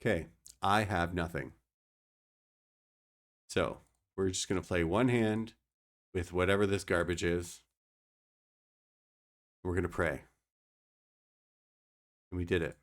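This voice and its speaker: A man's voice: deep voice, steady tone, takes it slowly, pauses often. A young man streaming a card game, explaining his moves and joking with his chat. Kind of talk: casual gameplay commentary.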